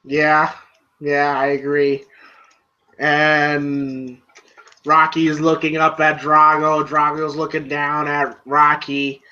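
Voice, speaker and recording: A movie reviewer giving a casual spoken review, excitable and profane, retelling scenes in long run-on recaps. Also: mid-range voice, slow, muffled recording.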